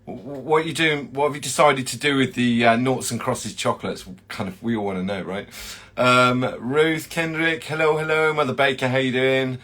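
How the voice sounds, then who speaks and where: A man's voice: mid-range voice, fairly bright tone. A man hosting a casual livestream chat, greeting viewers by name in a chatty way with plenty of fillers. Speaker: host of a chocolatier livestream.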